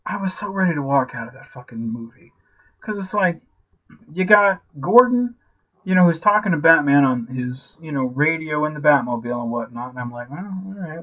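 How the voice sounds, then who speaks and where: A man in his thirties with a high-pitched voice rants through a casual movie review, animated and profane, constantly saying "like" and "you know." The recording is muffled.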